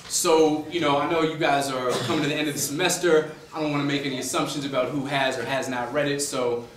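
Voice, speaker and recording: Animated man telling stories in an echoey classroom. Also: a little high, fast, slight background noise. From suburbs of Boston, US. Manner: animated, conversational, many fillers. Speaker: author speaking to a class. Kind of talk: humorous storytelling lecture. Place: university classroom. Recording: echoey room, distant mic, faint ambience.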